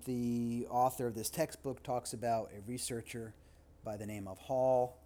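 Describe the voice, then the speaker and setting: A man's voice: lowish voice, darkish tone, a little hiss or hum. A man teaching a recorded lecture, reading textbook passages and adding loose spoken asides with fillers. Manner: reads aloud, then adds loose asides with fillers. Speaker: instructor.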